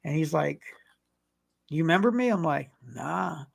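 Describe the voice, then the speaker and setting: A man's voice: on the high side, lively intonation, measured pace, creaky, breathy edge. A man co-hosting a podcast, telling a rambling, profane story in casual chat. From California. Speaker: podcast co-host.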